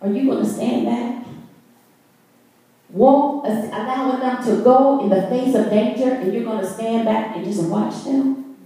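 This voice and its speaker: A woman's voice: on the high side, unhurried, dark tone. A woman elder preaching a Sunday worship sermon, emphatic and repetitive, asking rhetorical questions and sometimes intoning her lines. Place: church sanctuary. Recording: very echoey church, voice far from mic.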